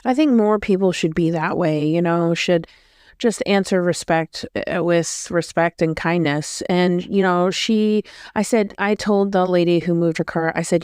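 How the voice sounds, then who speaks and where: A woman's voice: fairly low pitch, moderate pace, darkish tone, clear, resonant tone, no room sound, studio quality. A woman vlogger telling a story in a casual, rambling way, often correcting herself. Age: adult.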